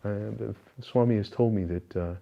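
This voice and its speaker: A man's voice: lowish voice, normal speed, creaky, highs cut off, a little hiss or hum. An older man being interviewed, recounting personal spiritual experiences in an earnest, reflective way, with many fillers and restarts. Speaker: interview guest.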